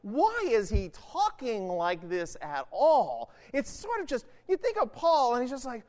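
A man's voice: extremely high pitch, wildly swooping pitch, measured pace, hardly any pauses, a little mellow. A man preaching a sermon in a casual, conversational way, often checking in with "right?". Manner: conversational, keeps asking "right?". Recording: long hall reverb.

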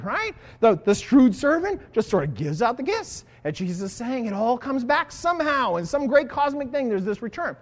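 A man delivers a sermon in a chatty, lively way, swinging his pitch high and low as he voices the people in his story. His voice rings in a large hall with a long reverb tail. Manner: animated, conversational, acts out quoted voices. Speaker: preacher.

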